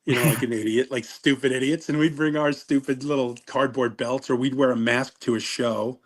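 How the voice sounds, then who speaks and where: A man's voice: medium pitch, fairly even intonation, brisk. Rambling middle-aged man. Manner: rambling, self-interrupting storyteller. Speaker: interview guest, former wrestler. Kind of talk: casual interview chat.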